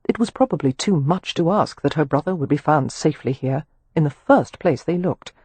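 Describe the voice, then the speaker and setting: An audiobook narrator reading a historical romance with expressive, animated storytelling. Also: medium pitch, moderate pace, husky, no echo.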